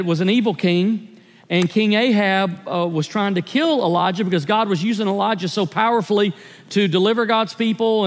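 Male pastor, sermon delivery, earnest and confessional, higher voice, long hall echo. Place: church sanctuary.

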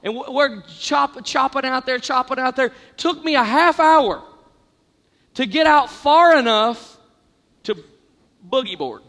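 A man with a very high voice tells a story on stage, animated and exaggerated, swinging from loud bursts to quiet asides. His voice rings out with a long reverb through a large hall. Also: a little slow. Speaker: comedian. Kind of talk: stand-up storytelling.

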